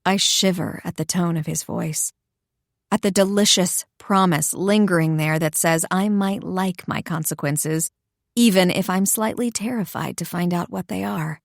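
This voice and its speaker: A woman narrating a first-person romance audiobook in an expressive, intimate storytelling voice. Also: lowish voice, moderate pace, gravelly, dry recording, studio quality.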